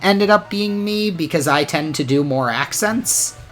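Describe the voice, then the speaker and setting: A man hosting a livestream, talking in a halting, hesitant way. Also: fairly high pitch, animated, fairly bright tone, faint music behind. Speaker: livestream host. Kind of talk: casual livestream chat.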